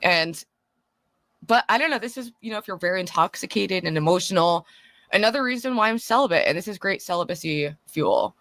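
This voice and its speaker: A woman's voice: lowish voice, animated, fairly quick, a bit bright, no room sound. A woman streamer giving gossipy, exclamatory commentary on online drama. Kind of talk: casual commentary.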